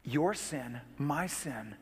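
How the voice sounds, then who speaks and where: A pastor delivers an emphatic, earnest sermon, mixing teaching with personal stories. His voice sits fairly high for a man and carries a long reverb from a large hall. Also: animated, extremely slow, slightly rough. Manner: earnest, emphatic preaching with storytelling.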